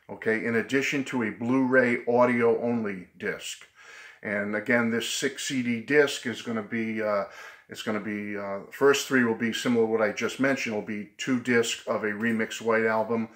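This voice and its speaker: Vlogger, male, New England accent, eager and chatty, mid-pitched voice. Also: fairly bright tone. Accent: New England (Boston/Providence). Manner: enthusiastic, rambling, laughs often. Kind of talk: casual excited vlog talk.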